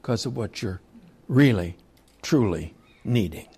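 A man teaching a Bible study, retelling scripture stories in a slow, reflective way and reading passages aloud. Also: fairly low pitch, animated, a little mellow, husky. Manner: slow, reflective storytelling with chuckles.

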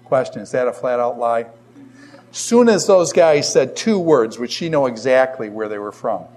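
Animated Bible teacher, Boston accent. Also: male voice, medium pitch, normal speed. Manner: animated, fires rhetorical questions at the class. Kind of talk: classroom Bible lesson.

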